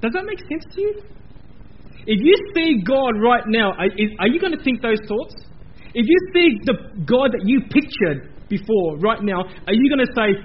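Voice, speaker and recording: A man preaching a sermon in a church, animated and repeating phrases for emphasis. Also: sits high, normal speed, lo-fi sound. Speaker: pastor. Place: church building.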